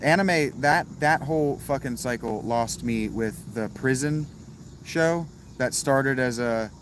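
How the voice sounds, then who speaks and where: A man's voice: mid-range voice, slow, noisy background. A man hosting a casual livestream, answering viewers in chat with a laid-back, wry manner and some swearing. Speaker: livestream host reading chat.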